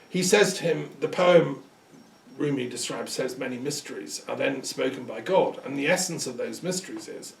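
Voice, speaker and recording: A man giving an informal lecture, telling a story in a conversational, rambling way with restarts and throat-clearing. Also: medium pitch, moderate pace, recorded from a distance. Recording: echoey room, speaker away from the mic.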